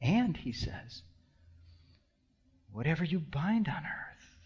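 A man with a high voice preaching a sermon at a slow, deliberate pace. He drops to hushed near-whispers, then rises to loud, impassioned declarations, stretching out the words he wants to land. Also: big pitch swings, breathy edge, muffled recording. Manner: slow, drawn-out emphasis on key words. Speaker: pastor.

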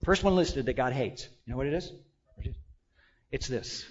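A man preaching a sermon, leading the congregation in call-and-response and swinging between loud exclamations and hushed asides. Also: medium pitch, animated, moderate pace, lo-fi sound.

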